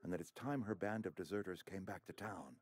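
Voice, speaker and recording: A man performs a game character: a self-important middle-aged outpost administrator with a formal, fussy, ingratiating way of talking. He speaks in a low voice, a little fast.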